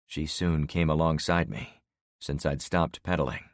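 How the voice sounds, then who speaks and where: A man in his sixties narrating an audiobook in the first person with steady storytelling. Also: a bass voice, a little slow, dry recording, clean studio sound. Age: 60s.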